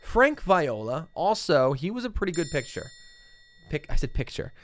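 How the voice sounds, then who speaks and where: A man's voice: fairly high pitch, very animated, moderate pace, a bit bright. A man co-hosting a card-collecting show, chatting casually and naming cards as he opens packs. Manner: easygoing, lots of fillers, names cards aloud. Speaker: co-host opening card packs. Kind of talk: casual chat.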